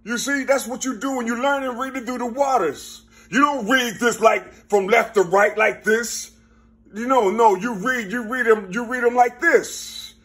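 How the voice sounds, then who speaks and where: A man talking in a rambling, casual monologue, full of street slang and constant "you see?" checks, now and then laughing or bursting out loud. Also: very high-pitched, normal speed. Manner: street slang, repeats "you see?" and "you know what I'm saying?"; excitable, mixes laughs and sudden loud bursts.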